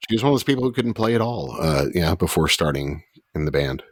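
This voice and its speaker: Deep husky-voiced man hosting a podcast. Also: fast talker, no room sound, clean studio sound. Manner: relaxed, easygoing, filler-laden. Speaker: podcast host. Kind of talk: casual chat.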